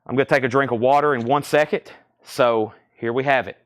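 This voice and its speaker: A man hosting a live record sale, briskly reading off buyer names and prices, out of breath. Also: medium pitch, fairly even intonation, no room sound. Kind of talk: live-stream sales patter.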